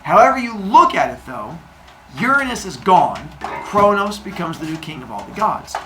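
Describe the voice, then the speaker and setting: A man's voice: high voice, big pitch swings, moderate pace. A man telling a myth to kids in a playful, goofy way, with silly sound effects. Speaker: storyteller, podcast host. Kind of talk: animated myth storytelling for kids. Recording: echoey room with faint noise.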